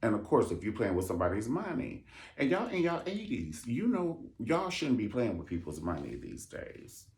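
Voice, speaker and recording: A man hosting a casual comedic talk show, sassy and animated, breaking into high mocking impressions. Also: moderate pace. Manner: sassy, animated, calls listeners honey and baby. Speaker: host.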